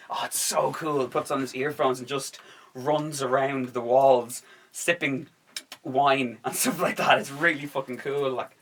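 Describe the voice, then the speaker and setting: An excitable young man hosts a casual podcast chat. He swears freely and bursts into little acted-out bits of the scenes he describes. His pitch sits in an ordinary middle range for a man. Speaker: podcast host.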